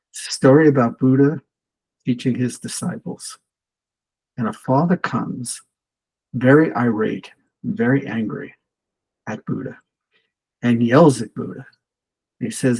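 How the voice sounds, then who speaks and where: Gravelly, raspy man telling stories. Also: mid-range voice, darkish tone, poor audio. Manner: earnest, reflective storyteller. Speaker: podcast guest. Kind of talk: storytelling in casual conversation.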